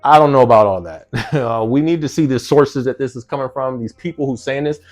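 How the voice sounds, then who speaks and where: With soft music in the background, a New Jersey vlogger reads a news article to camera and chats about it casually. Speaking a little fast in a medium-pitched voice, he laughs frequently and fires off rhetorical questions.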